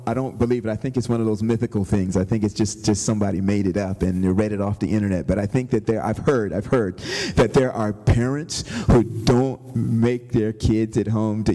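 A man preaching a sermon as pastor, telling a story animatedly, with rising shouts and repeated words. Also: mid-range voice, gravelly, big-room sound.

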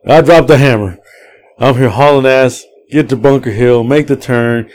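Podcast guy rambling through a story, cusses a lot, mid-pitched voice. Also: normal speed. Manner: rambling, profane, animated retelling. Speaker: podcast host. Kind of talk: casual storytelling.

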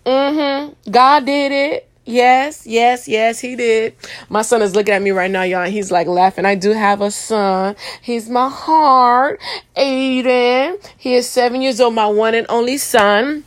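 High-voiced energetic Christian woman podcaster. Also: unhurried. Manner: energetic, preachy, call-and-response asides. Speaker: podcast host. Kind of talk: casual Christian podcast talk.

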